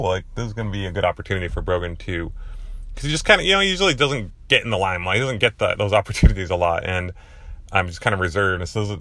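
A man hosting a podcast, telling a long casual story in a rambling way, full of filler words and getting excitable as he goes. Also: low-pitched, dry recording. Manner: excitable, voice jumps up when worked up. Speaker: podcast host.

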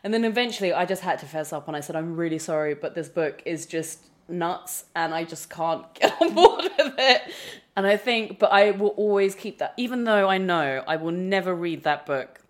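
A woman's voice: on the low side, animated, moderate pace. A woman, chatting about books in a self-deprecating, laughing way. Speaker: guest. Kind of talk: casual chat about books.

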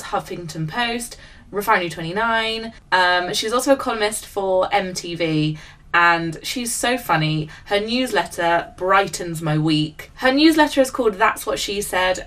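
A young British woman hosts a podcast in an easy, gushing, upbeat way. Her pitch sits in a middling range. She talks in relaxed, casual chat. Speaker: podcast host.

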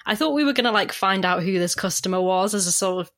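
A woman hosting a podcast, recapping an episode in relaxed casual chat and laughing often. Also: medium pitch, quick pace. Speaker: podcast host.

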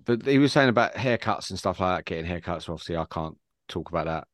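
A quick-talking man co-hosts a casual podcast, joking and telling stories. His voice sits low, and the recording is dry and close. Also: animated, no room sound. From England. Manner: joking banter, storytelling with quoted voices. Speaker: podcast co-host. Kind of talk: casual chat.

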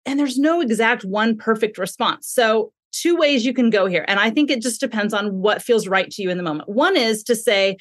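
A woman explaining parenting ideas in a calm, thoughtful way in a podcast conversation. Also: on the high side, normal speed, hardly any pauses, no room sound, clean studio sound. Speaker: parenting expert guest.

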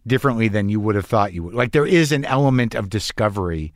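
A middle-aged man in casual conversation, blunt and swearing freely, with halting restarts. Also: fairly low pitch, animated, no echo, clean studio sound. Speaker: comedian and podcast host.

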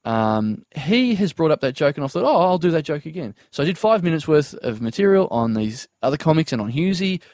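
A man's voice: fairly high pitch, sing-song, fairly quick, few pauses, darkish tone, no echo. A man telling a comedy story in casual podcast chat, acting out quoted voices and laughing often.

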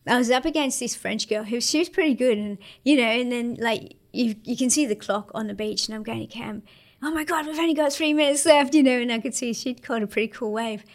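A woman in her thirties with an Australian accent, chatting casually as an interview guest in a relaxed, slangy way with lots of fillers. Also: a little high, a little fast, few pauses. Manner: laid-back, slangy, many fillers. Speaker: interview guest, para-surfer.

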